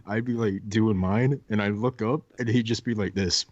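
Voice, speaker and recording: A man's voice: on the low side, steady tone, moderate pace, a little mellow, lo-fi sound. A young man guesting on a podcast, telling casual stories and acting out his old coworkers. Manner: laid-back storyteller, acts out coworkers with laughs. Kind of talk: casual chat, storytelling.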